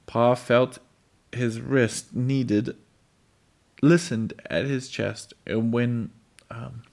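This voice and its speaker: A man reading a children's storybook aloud, halting and stumbling over words. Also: medium pitch, steady tone, vocal fry, darkish tone. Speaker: reader.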